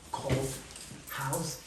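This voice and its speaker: Man, storyteller for preschoolers, expressive, whispers and exclamations, lively pitch, distant echoey recording. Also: very noisy. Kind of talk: animated storytelling to children. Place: preschool classroom.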